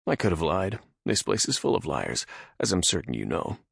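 A man's voice: low voice, huge pitch swings, normal speed, creaky, fairly bright tone, breathy edge, no room sound, exaggerated voice. A man voicing an irritated, sarcastic male prisoner who talks dully and dryly. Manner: dry and sarcastic.

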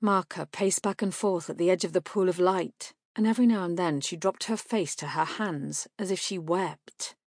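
A woman reading a fantasy novel aloud in steady, measured scripted narration. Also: fairly low pitch, no room sound, clean studio sound. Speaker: audiobook narrator.

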